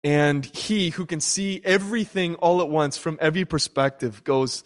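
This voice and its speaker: A man's voice: fairly high pitch, normal speed. Young man preaching a story-filled sermon. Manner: storytelling, acts out voices in prayers and quotes.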